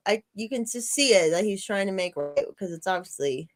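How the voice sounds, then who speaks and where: A woman's voice: on the low side, moderate pace. A woman co-hosting a live stream, chatting casually with lots of fillers and swearing. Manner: rambling, swears a lot, many fillers. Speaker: stream co-host. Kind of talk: casual chat.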